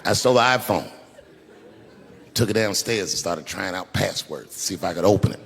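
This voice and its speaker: A middle-aged man telling stand-up stories on stage, animated, swinging between hushed asides and shouted punchlines. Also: low-pitched, brisk, creaky, breathy edge. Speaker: stand-up comedian. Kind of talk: stand-up comedy storytelling. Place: large live venue with audience. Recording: live hall with crowd noise.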